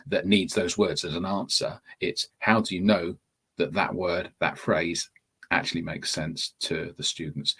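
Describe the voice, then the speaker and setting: A man's voice: sits low, a bit bright, husky. A man teaching a course webinar in a conversational way, often restarting his phrases and addressing viewers directly. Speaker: TEFL course tutor. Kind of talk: webinar explanation.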